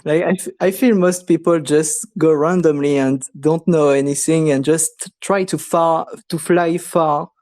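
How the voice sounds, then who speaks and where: Young male guest, slow and halting, mellow tone. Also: fairly high pitch, steady tone. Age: young adult. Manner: hesitant, many fillers, soft laughs. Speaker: podcast guest. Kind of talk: casual podcast chat.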